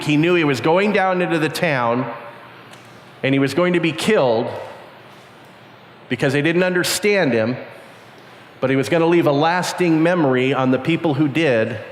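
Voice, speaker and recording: An older man giving a storytelling sermon to young people at a camp, acting out the characters in animated voices. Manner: animated, acts out characters with squeaky high voices. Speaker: camp speaker. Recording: long reverb, faint background noise.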